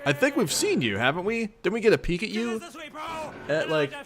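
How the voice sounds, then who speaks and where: A man's voice: high voice, sing-song, moderate pace. A man reading a webcomic aloud in a casual read-along, chatting and reacting to it and laughing often. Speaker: webcomic reader.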